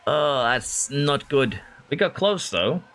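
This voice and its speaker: Male streamer, excitable live commentary, bright tone. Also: mid-range voice, slow pace, creaky. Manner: excitable, talks to drivers and chat. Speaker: gaming streamer.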